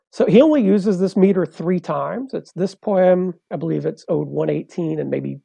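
A man's voice: a little high, creaky, dark tone, breathy edge, no echo. A man, a poet and translator, explaining things step by step in a professorial way as a guest in an interview. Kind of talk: interview conversation.

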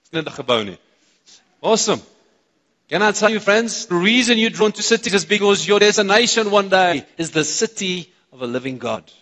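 A man with a South African accent preaching a sermon, excitable and chatting with the congregation between points. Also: high voice, normal speed. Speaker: pastor. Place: church auditorium. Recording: reverberant church hall.

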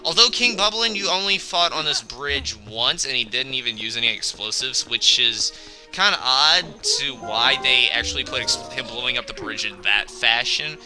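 A man's voice: medium pitch, moderate pace, rough recording. A man giving casual, rambling commentary while playing a video game, talking back to the game when things go wrong. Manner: rambling, excitable, scolds the game aloud. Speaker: let's play commentator. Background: game music.

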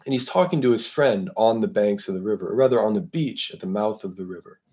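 A man hosting a literature discussion, explaining a book in a measured, analytical way while thinking aloud. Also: on the low side, expressive, a little mellow.

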